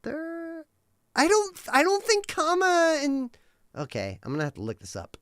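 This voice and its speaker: A man in his thirties chatting casually on a live stream, rambling and animated, swearing freely and filling his speech with likes and uhs. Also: very high voice, unhurried, no room sound.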